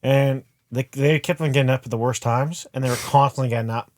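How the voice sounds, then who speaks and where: A young man co-hosting a casual podcast, telling a crude story with lots of swearing and animated retellings. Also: medium pitch, brisk, dry recording, clean studio sound. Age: young adult. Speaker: podcast co-host. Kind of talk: casual chat.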